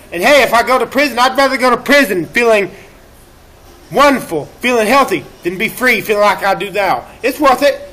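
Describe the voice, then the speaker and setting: A man with a very high, sharp voice delivers a ranting livestream monologue from a laundromat. He is profane, erratic and self-pitying, breaking into shouts now and then.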